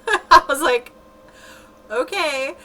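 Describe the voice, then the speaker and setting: A woman's voice: mid-range voice, normal speed, sharp tone, low-quality recording. A young woman casually telling her own birth story to a camera, chatty and filling her talk with "like" and laughter. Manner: chatty, laughs often, frequent "like" fillers.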